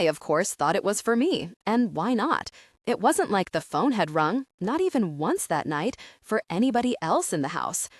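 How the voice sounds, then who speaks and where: Wry, expressive woman narrating an audiobook. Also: fairly low pitch, dry recording, clean studio sound. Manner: wry, conversational storytelling. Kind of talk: first-person audiobook narration.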